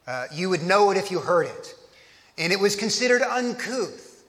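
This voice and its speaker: A man's voice: high-pitched, very animated, moderate pace, fairly bright tone, long reverb tail. A man from Texas, preaching a conversational sermon as pastor, often restarting his phrases.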